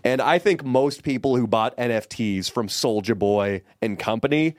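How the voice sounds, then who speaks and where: A man's voice: medium pitch, moderate pace. A man co-hosting a podcast in casual chat, dry and wisecracking but thoughtful. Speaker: podcast co-host.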